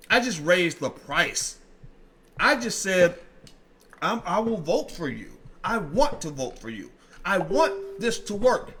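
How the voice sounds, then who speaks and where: A man's voice: high voice, pushed and bright. A middle-aged man giving blunt, profane political commentary straight to his audience, acting out both sides of imagined arguments. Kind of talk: direct-to-camera political commentary.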